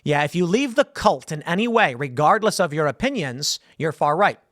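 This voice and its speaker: A man's voice: a little high, normal speed, dry recording, studio quality. A man hosting a solo political commentary show, telling stories sarcastically and mocking the people he quotes. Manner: sarcastic, animated storytelling with mocking quoted voices.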